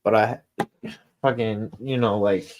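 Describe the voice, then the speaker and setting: On a podcast mic, a man co-hosting a casual show tells festival stories in a rambling, profane way, packed with fillers and swearing. His voice is lowish, steady and a little mellow, he speaks slowly, and there's slight background noise.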